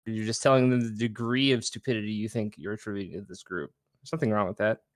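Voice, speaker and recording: A man's voice: on the low side, fairly even intonation, fast, dry recording. Blunt man on a dry mic. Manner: blunt, argumentative. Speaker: voice chat participant. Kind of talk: casual group chat.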